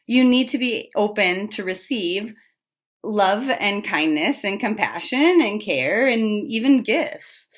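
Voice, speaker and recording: A woman giving a casual tarot reading, talking in a chatty, frank way with plenty of fillers and the odd swear word. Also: fairly high pitch. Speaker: tarot reader.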